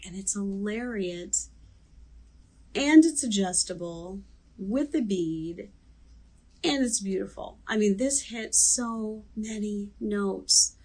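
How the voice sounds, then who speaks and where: A woman's voice: mid-range voice, low-quality recording. A middle-aged woman hosting a live online jewelry sales show, chatty and joking as she describes each piece in detail.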